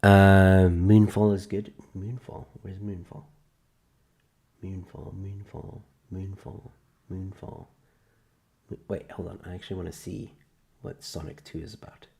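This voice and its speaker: A man with a fairly low voice hosts a relaxed live stream. He rambles and jokes with a sarcastic edge, stopping to read film blurbs aloud. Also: moderate pace, vocal fry, breathy edge. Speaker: host. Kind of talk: casual live-stream chat.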